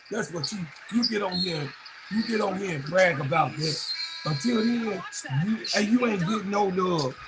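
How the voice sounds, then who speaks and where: A man hosting a sports live stream in casual chat, loudly trash-talking and teasing his viewers, congested and coughing with a cold. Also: high voice, animated, normal speed, noisy background. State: stuffed nose, coughing from a cold.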